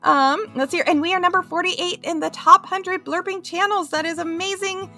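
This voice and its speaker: A woman's voice: very high-pitched, steady tone, normal speed, pushed and bright, faint music behind. A woman hosting a casual crochet live stream, bubbly and giggly, greeting her chat one by one.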